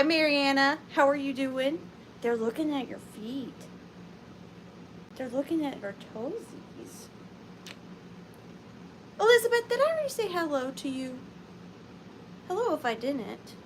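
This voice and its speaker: A woman's voice: high voice, sharp tone, a little hiss or hum. A woman hosting a live sale stream, chatting casually and playfully with viewers.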